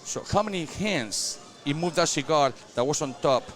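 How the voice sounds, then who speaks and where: A man's voice: on the high side, moderate pace. A man from Spain with a Spanish accent, a cigar maker guest chatting casually in broken English at a cigar shop event. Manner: animated, broken English, joking. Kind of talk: casual chat.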